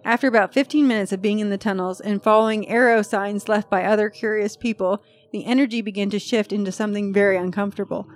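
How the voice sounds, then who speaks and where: Chatty woman podcast host. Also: mid-range voice. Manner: chatty, swears freely, animated asides. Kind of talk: casual chat, reading a post aloud.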